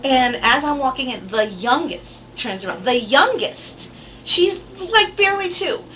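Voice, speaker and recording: A woman with a bright, forceful voice, telling her stories bluntly and with wry humor, cursing as she goes. She sounds a little distant from the mic, with faint noise behind her. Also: sits high, unhurried. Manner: blunt, swears freely, wry and animated. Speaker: vlogger telling family stories. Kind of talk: casual storytelling to camera.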